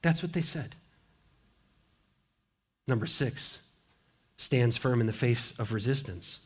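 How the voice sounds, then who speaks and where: A man preaching a sermon as pastor in a church, lively and conversational, dropping playful quoted asides. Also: medium pitch, takes it slowly, husky. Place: church sanctuary.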